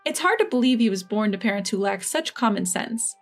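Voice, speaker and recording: A woman reading a first-person revenge story in an even, measured way. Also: mid-range voice, faint music behind. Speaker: narrator.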